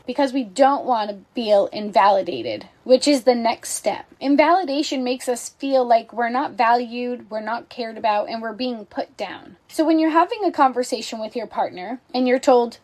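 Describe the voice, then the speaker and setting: A woman's voice: fairly high pitch, moderate pace, few pauses, a little mellow, poor audio. A woman giving an explanatory presentation on relationship conflict, often checking in with a questioning "right?".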